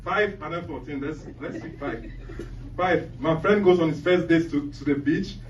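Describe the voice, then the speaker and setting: A man's voice: on the high side, normal speed, dull audio. A man doing a loose, profane stand-up set, often laughing at his own jokes. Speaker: stand-up comedian. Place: comedy club stage. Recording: echoey club from a far mic, loud noise.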